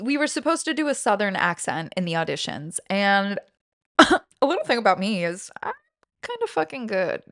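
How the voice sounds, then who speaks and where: Swearing, animated woman podcast host. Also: mid-range voice, dry recording, studio quality. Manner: profane, animated, self-mocking storytelling. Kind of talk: casual comedy podcast chat.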